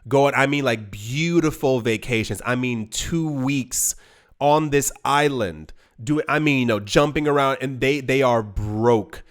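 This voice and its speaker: A man hosting an investing channel, talking straight to camera in an emphatic, pleading way, with many restarts as he rambles. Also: mid-range voice. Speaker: crypto investing channel host. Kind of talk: casual direct-to-camera monologue.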